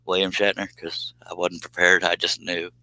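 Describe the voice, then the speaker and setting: A man's voice: deep voice, flat delivery, normal speed, sharp tone, low-quality recording. A middle-aged man chatting casually on a live stream, rambling in a folksy way and laughing often.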